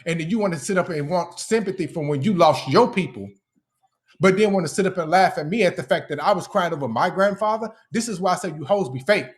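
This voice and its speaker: A young man ranting angrily on a live stream, heated, profane and confrontational as he answers his critics. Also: fairly high pitch. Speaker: livestreamer addressing critics. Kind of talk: angry live-stream rant.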